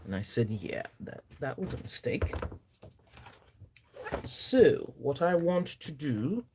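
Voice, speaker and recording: A woman with a Nigerian accent chatting casually on a live stream, excitable, gasping and teasing her viewers playfully. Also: low-pitched, slow, a little hiss or hum. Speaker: planner vlogger.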